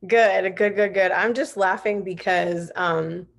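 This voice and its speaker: A woman's voice: medium pitch, steady tone, slow, vocal fry, slight background noise. A woman hosting a podcast over a video call, chatty and laughing, full of "like" fillers. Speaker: podcast host. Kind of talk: casual video-call interview.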